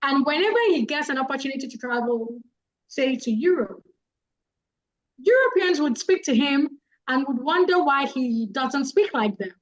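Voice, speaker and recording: A woman's voice: high-pitched, lively intonation, moderate pace, dull audio. A woman giving a public speaking talk on an online call, speaking earnestly and repeating key phrases for emphasis. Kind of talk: guest talk on a webinar.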